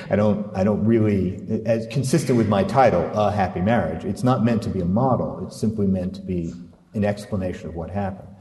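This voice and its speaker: Male novelist, low mellow voice, hesitant, distant in a reverberant hall. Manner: thoughtful, hesitant with pauses. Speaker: author being interviewed. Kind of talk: reading aloud and interview talk. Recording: echoey hall, voice from far off.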